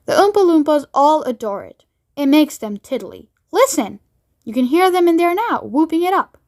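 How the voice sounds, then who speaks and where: A woman voicing a brisk, eccentric grown man who makes chocolate, urging everyone along in a bouncy storybook reading. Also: sits high, big pitch swings, darkish tone, pitched above the performer's own voice.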